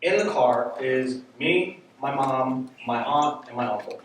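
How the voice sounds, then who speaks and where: A man telling a story live on stage, animated and often laughing as he speaks. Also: medium pitch, a little slow. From United States. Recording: very echoey room, distant mic, faint noise.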